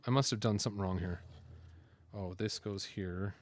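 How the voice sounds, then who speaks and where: A man with a fairly low voice hosts a casual video where he builds LEGO on camera, talking at a moderate pace. He narrates the build in a chatty, rambling manner packed with fillers.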